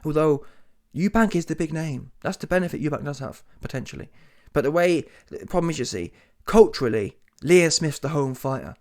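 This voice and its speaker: A British man gives a one-man commentary rant, slangy, combative and mocking. His voice sits a little above the usual male pitch, and he rattles along with plenty of energy. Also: animated, brisk, hardly any pauses, a little mellow. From Britain. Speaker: boxing commentator. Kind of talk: solo opinion rant.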